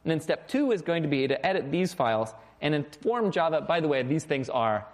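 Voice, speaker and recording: Lively, informal male lecturer. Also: on the high side, brisk. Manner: lively, informal, asks "okay?" and "right?" often. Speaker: university lecturer. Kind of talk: recorded programming lecture.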